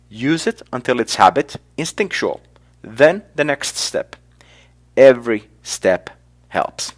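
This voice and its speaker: A man giving a solo talk to camera, thinking aloud with fillers and restarts as he reflects. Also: mid-range voice. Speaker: blogger.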